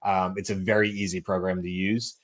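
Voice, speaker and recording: A man with a fairly low voice hosts a relaxed panel discussion. He talks loosely and chattily, restarts sentences often, and scatters fillers through his speech. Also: fairly quick. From United States. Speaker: podcast host. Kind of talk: casual panel chat.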